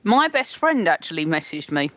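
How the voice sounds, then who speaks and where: A co-host with a British accent, chatting in a measured, conversational way on a radio show. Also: medium pitch, sing-song, a bit bright, no echo, lo-fi sound. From England. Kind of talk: casual podcast chat.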